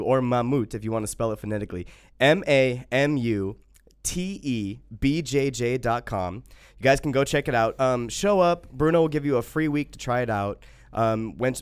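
A man's voice: mid-range voice, clean tone, no room sound. A young man co-hosting a podcast, joking around and laughing often between ad reads. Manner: jokey, laughs often, loud bursts. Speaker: podcast co-host. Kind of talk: casual podcast banter with ad reads.

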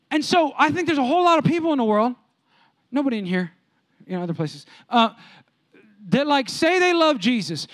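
A male pastor with a high-pitched voice delivering an emphatic sermon. He repeats his points and calls out to the congregation. The sound is dry and close. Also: lively intonation, normal speed, a bit bright, no room sound.

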